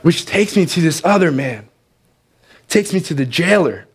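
A man with a slightly high, husky voice speaks at normal speed while preaching in church. His sermon is a story told with energy and animation as he acts out the characters.

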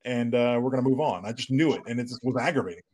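A man's voice: medium pitch, very fast, a little mellow, breathy edge. A man co-hosting a casual podcast, blunt and opinionated, with filler hedges. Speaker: podcast co-host. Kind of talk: casual chat.

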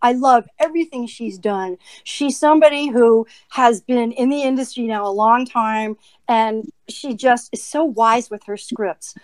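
An actress in a casual podcast interview, talking in an animated, chatty way with lots of "like.". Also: female voice, a little high, measured pace, dry recording, rough recording.

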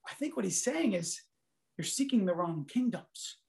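A man giving a sermon, telling a story in an animated, conversational way full of fillers. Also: sits high, normal speed, vocal fry. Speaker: preacher.

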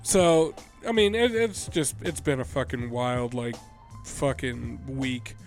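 A man's voice: medium pitch, slow, faint music behind. Nasally, stuffed-up man hosting a podcast. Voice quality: nasally from a cold. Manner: profane, laid-back, laughs often. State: under the weather. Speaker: podcast co-host. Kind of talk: casual chat.

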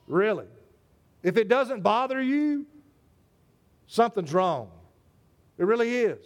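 A man's voice: high voice, very animated, takes it slowly. A man preaching a sermon to his church, emphatic and repetitive, full of rhetorical questions. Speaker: pastor.

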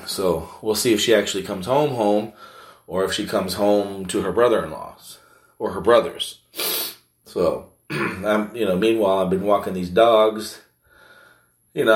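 Low-voiced guy rambling on his show, swears a lot, sounds echoey and kinda far off. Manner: rambling, heavy swearing, filler-laden. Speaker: show host. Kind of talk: casual comedic monologue. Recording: roomy echo, distant mic.

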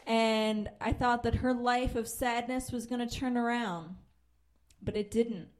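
A woman's voice: on the high side, a little slow. A woman comedian in her thirties from Pennsylvania, telling a story with lots of swearing and acting out the voices of the people in it. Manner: animated, acts out quoted voices, swears freely.

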